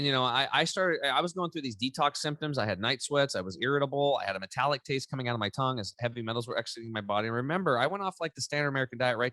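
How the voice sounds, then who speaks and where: A man's voice: mid-range voice, bright, forceful tone, no room sound. A man in his forties, a podcast guest telling a personal story with lots of energy and animation. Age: 40s. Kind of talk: casual storytelling interview.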